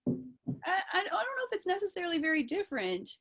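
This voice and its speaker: A woman's voice: extremely high pitch, sing-song, a little fast, fairly bright tone. Canadian woman actor, rambling and thoughtful. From East Coast of Canada. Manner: thoughtful and rambling, with many fillers and restarts. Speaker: actor and interview guest. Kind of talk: casual live video chat interview.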